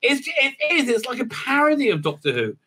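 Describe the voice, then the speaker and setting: A man's voice: very high voice, wildly swooping pitch, brisk, pushed and bright, breathy edge. A man reviewing a TV episode in a casual, rambling recap, mocking and sarcastic about what he watched. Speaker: show reviewer.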